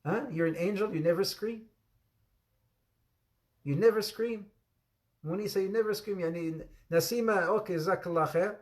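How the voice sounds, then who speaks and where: A man's voice: high-pitched, normal speed, long pauses. A man giving an interactive religious lesson, repeating phrases for emphasis, calling on students by name and joking with playful asides. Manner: laughs often, playful asides. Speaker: Islamic teacher.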